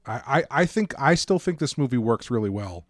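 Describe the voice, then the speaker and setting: A man's voice: mid-range voice, sing-song, brisk, no room sound, clean studio sound. A man co-hosting a podcast, chatting casually about an old film in a rambling way, full of restarts. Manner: rambling, restarts, acts out quotes. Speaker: podcast co-host.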